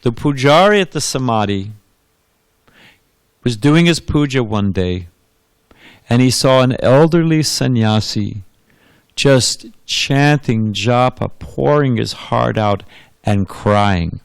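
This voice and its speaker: A man's voice: medium pitch, animated, takes it slowly, creaky, long pauses, clear, resonant tone, dry recording. A man giving a temple sermon as a monk, telling anecdotes, laughing often and putting questions to his audience. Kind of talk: storytelling sermon.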